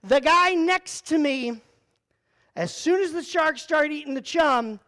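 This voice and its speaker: A youth pastor man with a high-pitched voice, speaking to a youth group. He tells his story in an animated, joking way, with plenty of "like" and "um" fillers. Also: slow.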